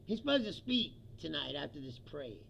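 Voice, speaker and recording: A man's voice: a little high, big pitch swings, moderate pace, creaky, a bit bright, lo-fi sound, a little hiss or hum. A man hosting a livestream, ranting about politics in a profane, mocking way, laughing often and mimicking quotes in a put-on voice. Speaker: livestream host.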